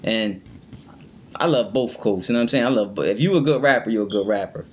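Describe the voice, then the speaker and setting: A man's voice: lowish voice, fast. A man hosting a music reaction video, talking casually and rambling. He often stumbles over his words and keeps adding "you know what I mean".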